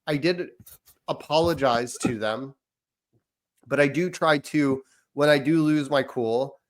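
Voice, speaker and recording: A man co-hosting a parenting podcast who tells stories in a lively, animated way and often trails off into fillers. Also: medium pitch, slow. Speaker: podcast co-host. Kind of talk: casual chat.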